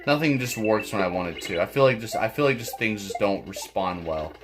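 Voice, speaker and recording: A man's voice: fairly low pitch, fairly quick, over music. A man commentating his own gameplay, swearing often and stammering through restarts. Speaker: gaming channel host. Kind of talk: let's play commentary.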